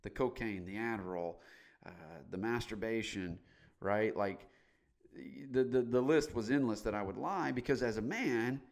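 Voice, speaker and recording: A man's voice: fairly low pitch, normal speed. A middle-aged man as a podcast guest, candidly telling his story in a blunt, emphatic way and swearing casually.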